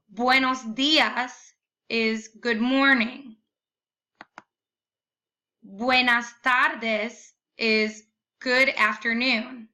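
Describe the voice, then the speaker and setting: A young woman teacher giving a recorded lesson, slowly and carefully modeling each phrase. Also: a little high, sharp tone.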